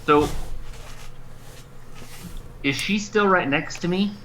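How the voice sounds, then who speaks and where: A man's voice: sits high, slow, sharp tone, a little hiss or hum, poor audio. A man playing in a tabletop game, giving short, laid-back answers. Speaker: player. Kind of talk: casual game play.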